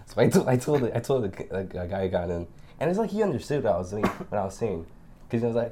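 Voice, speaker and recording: A man co-hosting a podcast, telling a story in lively casual chat, acting out voices and laughing often. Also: on the low side, fairly quick, slight background noise. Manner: animated storyteller, acts out voices, laughs a lot. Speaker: podcast co-host.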